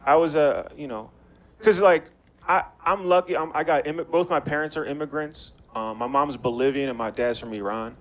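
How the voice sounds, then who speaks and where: In a small bar, a young stand-up from Maryland chats loosely with the crowd using plenty of slang. His voice is a little high and fairly bright, at a moderate pace, and background noise is noticeable throughout the live recording.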